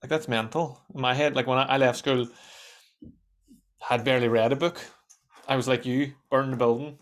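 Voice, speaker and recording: A man hosting a casual podcast conversation, animated and swearing freely. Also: medium pitch. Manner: animated, swears, quick asides.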